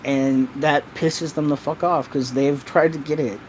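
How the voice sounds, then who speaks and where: A man's voice: a little high, unhurried, a little hiss or hum, low-quality recording. Filler-heavy male co-host. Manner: relaxed, filler-heavy, chuckling. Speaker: livestream co-host. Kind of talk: casual commentary chat.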